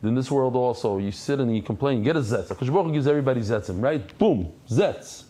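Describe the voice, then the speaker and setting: A man who is a rabbi giving a Talmud lecture, talking conversationally to his class and acting out anecdotes with lively energy. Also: medium pitch, quick pace. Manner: animated storyteller who acts out anecdotes; conversational, addresses the class directly.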